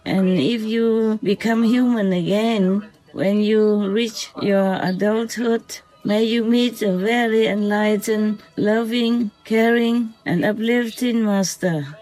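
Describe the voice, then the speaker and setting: A soft-spoken vlogger who talks gently and affectionately, as in a spoken diary at night. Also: medium pitch, rough recording. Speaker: vlogger speaking to a visiting fox spirit. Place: outdoors at night by a forest.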